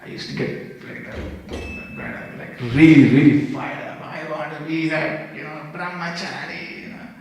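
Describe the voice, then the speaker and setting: A man giving a lively storytelling sermon with a slightly higher-than-usual voice. He acts out the dialogue as he tells it. His voice rings through a temple hall with a long, heavy echo. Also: a little slow, few pauses. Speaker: speaker giving a class.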